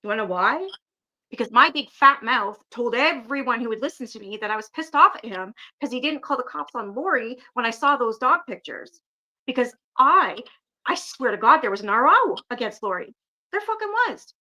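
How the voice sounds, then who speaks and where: Bright-voiced blunt woman streamer. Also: a little high, animated, moderate pace, low-quality recording. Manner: blunt, profane, self-critical. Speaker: livestream host. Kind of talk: casual livestream chat.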